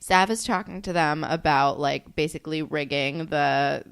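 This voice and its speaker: A woman's voice: deep voice, fairly even intonation, normal speed, gravelly, clear, resonant tone. A woman with a New Jersey accent co-hosting a podcast, chatting casually and acting out characters' lines. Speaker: podcast co-host. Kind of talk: casual chat recapping a TV episode.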